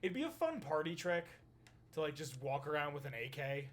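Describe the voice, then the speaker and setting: A man's voice: fairly high pitch, very animated, brisk, a little hiss or hum. A young man chatting casually while streaming a game, joking, teasing and telling a rambling joke. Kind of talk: casual chat while gaming.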